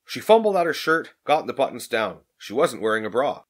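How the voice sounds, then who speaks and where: A man narrating an audiobook in an expressive reading. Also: medium pitch, fairly quick.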